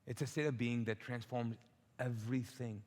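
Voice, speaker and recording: A man preaching a sermon as a pastor, animated and humorous, asking the congregation to call out answers. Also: medium pitch, normal speed. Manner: tells humorous stories with acted-out quotes. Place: church auditorium. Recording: long hall reverb.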